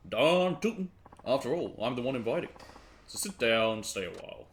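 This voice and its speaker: A man voicing a boisterous drunk middle-aged former baseball pitcher, talking in folksy old-timey slang. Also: sing-song, moderate pace, a little hiss or hum. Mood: jovial. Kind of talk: reading game dialogue aloud.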